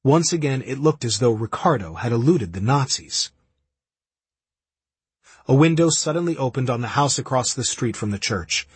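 A man narrates a wartime history in a grave, measured way. His voice is very husky and breathy at a middle pitch. He was recorded close on a dry, dead-sounding mic. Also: animated, no room sound. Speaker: audiobook narrator. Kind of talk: scripted narration.

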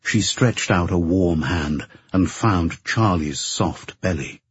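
Low, husky male audiobook narrator. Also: no echo. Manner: slow, measured. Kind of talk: scripted narration. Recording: dull lo-fi recording.

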